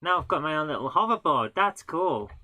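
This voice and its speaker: A woman's voice: deep voice, sing-song, brisk, sharp tone, no echo. A woman hosting a live gaming stream, chatting casually and laughing at her own mistakes as she plays. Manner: chatty, self-mocking, laughs often. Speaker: live-streaming game host. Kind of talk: casual live gameplay commentary.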